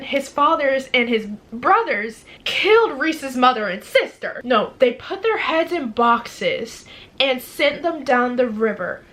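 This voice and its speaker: A woman's voice: high voice, pushed and bright. A young woman vlogging about a book, gushing and chatty, with many fillers. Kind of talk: casual chat.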